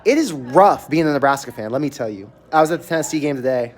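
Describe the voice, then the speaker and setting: A man at an ordinary middle pitch hosts a livestream for his fan channel, sitting in an empty, closed restaurant. He vents candidly and sounds fed up, with casual swearing throughout. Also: animated, fast. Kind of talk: livestream venting reaction.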